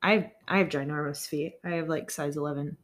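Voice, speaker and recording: A woman's voice: sits low, fairly even intonation, brisk. A young woman co-hosting a podcast, chatting casually and telling rambling, self-deprecating stories. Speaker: podcast co-host. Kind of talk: casual chat.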